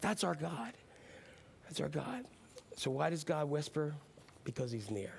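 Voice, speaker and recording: Man preaching, loud then hushed. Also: on the high side, lively intonation, unhurried, creaky, slight background noise. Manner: swings between loud preaching and soft hushed asides; casual and chatty, with frequent ums. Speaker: pastor. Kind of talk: sermon.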